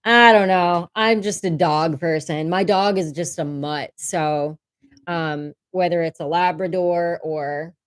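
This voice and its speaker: A woman's voice: fairly low pitch, steady tone, slow pace, clear, resonant tone, dry recording. A woman hosting a casual livestream from a room at home, chatting candidly, swearing casually and laughing often. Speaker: livestream host. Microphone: desk microphone.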